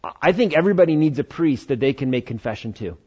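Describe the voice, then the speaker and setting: A man's voice: medium pitch, expressive, fast, a little mellow, husky, muffled recording. A man preaching a conversational sermon, acting out Bible dialogue in changing voices. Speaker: pastor.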